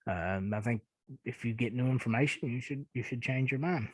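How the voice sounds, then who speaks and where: A man's voice: mid-range voice, fairly quick, breathy edge, no echo, poor audio. A man with a thick Eastern Kentucky accent hosting a podcast, reading listener emails aloud and answering them in a laid-back, chuckling, self-deprecating way. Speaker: podcast host.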